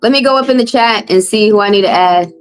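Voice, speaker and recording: A woman's voice: mid-range voice, fast, soft background music, low-quality recording. A woman, a tarot reader live-streaming and chatting with viewers in a blunt, casual, profane way. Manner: blunt, casual, profane, talks straight to chat.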